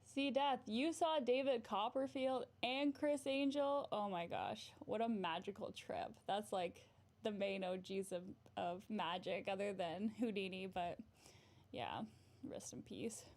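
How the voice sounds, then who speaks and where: Bubbly, giggly woman with vocal fry. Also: mid-range voice, measured pace, a little mellow. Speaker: therapist and livestream host. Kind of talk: casual livestream chat, reading comments.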